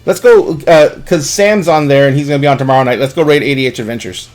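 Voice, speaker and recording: A man's voice: medium pitch, fast talker, darkish tone, faint music behind. A man hosting a live stream, wrapping up with an upbeat, rambling sign-off full of fillers. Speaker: stream host.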